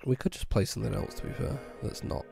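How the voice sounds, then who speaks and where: A man's voice: mid-range voice, quick pace, vocal fry, warm tone, soft background music. A young man streaming and chatting casually with his viewers, ill and with a voice that keeps cracking. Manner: chatty, laid-back, answers viewers one by one. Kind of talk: casual chat with live viewers.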